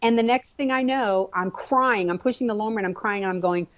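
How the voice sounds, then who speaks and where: A woman guest telling a personal story in an animated, expressive way during a conversation. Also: medium pitch, a little fast, few pauses, highs cut off.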